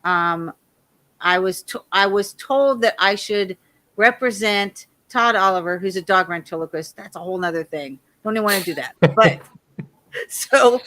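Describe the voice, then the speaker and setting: A loud, animated woman in her fifties rambles through a story as an interview guest. Her voice is bright and forceful, at an ordinary middle pitch for a woman. She laughs often between her lines. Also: unhurried.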